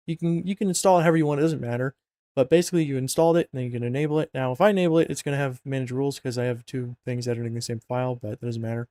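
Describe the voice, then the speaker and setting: A man's voice: medium pitch, a little mellow, no echo. Casual rambling man, dry close voice. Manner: rambling, informal, jokey with filler and self-corrections. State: yawning, sleepy. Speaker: mod install tutorial narrator. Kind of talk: casual screen-recorded tutorial.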